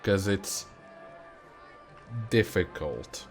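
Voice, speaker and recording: A man's voice: low voice, lively intonation, drawn-out words, faint music behind. A man, streaming a building game, chatting casually, reading chat and thinking aloud with self-mocking humor. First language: Dutch.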